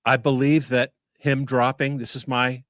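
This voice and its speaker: A man co-hosting a livestream, speaking in a measured, hesitant way and reading out legal points. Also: medium pitch, level tone, a bit bright, no echo, studio quality. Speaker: livestream co-host. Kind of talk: live-stream talk.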